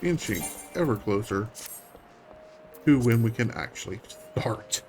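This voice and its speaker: A man streaming a game, giving relaxed, wry commentary that half talks to himself. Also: medium pitch, unhurried, soft background music. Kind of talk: casual gameplay commentary.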